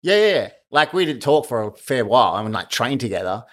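A man's voice: mid-range voice, big pitch swings, fast, a bit bright. A man telling a fight story in a casual chat, swearing and laughing often. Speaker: guest, martial arts fighter.

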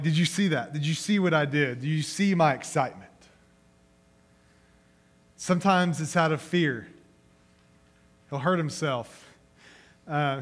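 Chatty young pastor with a slightly high voice. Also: male voice. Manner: conversational, storytelling with questions to the crowd. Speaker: youth pastor. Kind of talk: youth sermon.

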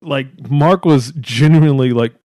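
A young man hosting a casual podcast chat, rambling and swearing freely, breaking into quick impressions. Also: medium pitch, mellow, no echo. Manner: rambling, profane, laughing, doing quick voices. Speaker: podcast host.

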